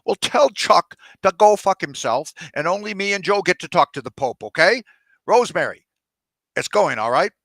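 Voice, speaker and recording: Author doing blustering old president, loud, swaggering, gravelly and bright. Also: male voice, medium pitch, expressive, moderate pace, no echo. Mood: barking. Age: older. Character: blustering, boozy aging male US president. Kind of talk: author reading his novel aloud.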